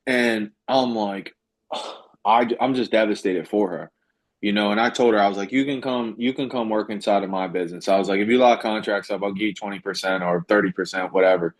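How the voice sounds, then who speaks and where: A man with a slightly low voice leads a group coaching call over video. He talks emphatically and keeps hammering his points with lively repetition. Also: fairly quick. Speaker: business coach.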